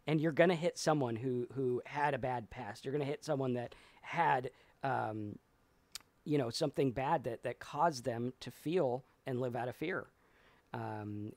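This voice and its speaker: A man's voice: mid-range voice, normal speed, a little mellow, dry recording. A man co-hosting a casual live talk, reading viewer comments and telling stories at length. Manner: rambling storyteller, acts out voices. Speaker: podcast co-host.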